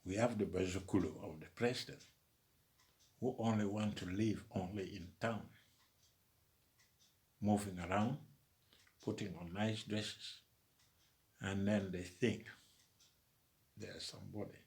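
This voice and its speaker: Male commentator, deliberate slow monologue, preacher-like emphasis, lower register. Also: steady tone, a little mellow. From Uganda. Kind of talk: opinion monologue.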